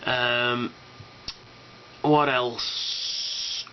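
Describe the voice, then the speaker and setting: A fan convention vlogger records a casual, rambling video response full of ums and cheerful swearing. His ordinary-pitched voice stays enthusiastic despite fairly even intonation and an extremely slow pace, and the lo-fi audio sounds dull with a faint hiss.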